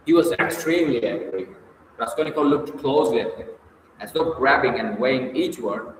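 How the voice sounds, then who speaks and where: A man narrating a novel as an audiobook, in a measured storytelling manner. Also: mid-range voice, lively intonation. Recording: echoey distant room, long reverb, faint noise.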